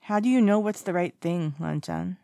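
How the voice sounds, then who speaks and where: A woman's voice: on the low side, moderate pace, creaky, dark tone, dry recording. A woman voicing a tipsy, playful young man in an audiobook, bubbly and teasing, with a dry close sound. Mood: drunk troubled. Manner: bubbly, teasing, sing-song calls of a name. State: drunk. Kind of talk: audiobook character voice.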